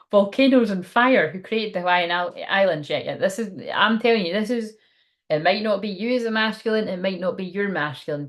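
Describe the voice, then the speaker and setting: A young woman giving a casual, frank tarot reading on a livestream, laughing often and swearing now and then. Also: on the low side. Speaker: tarot card reader.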